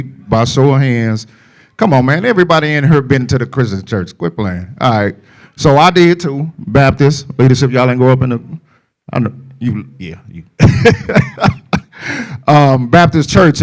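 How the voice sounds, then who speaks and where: A man's voice: mid-range voice, dry recording. A man doing casual stand-up comedy and emceeing, telling stories and throwing rhetorical asides to the audience.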